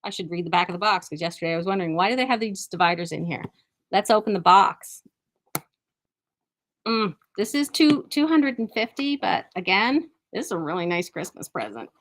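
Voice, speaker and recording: A woman's voice: fairly low pitch, big pitch swings, fairly quick, a little hiss or hum. A woman hosting a quilt shop video, chatting casually and enthusiastically about products, often restarting her sentences. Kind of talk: casual live product showcase.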